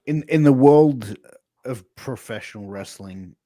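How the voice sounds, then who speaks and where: A man's voice: mid-range voice, a little slow, mellow, dry recording, studio quality. A man co-hosting a podcast who asks long, layered, probing questions in a casual conversational tone. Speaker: podcast co-host.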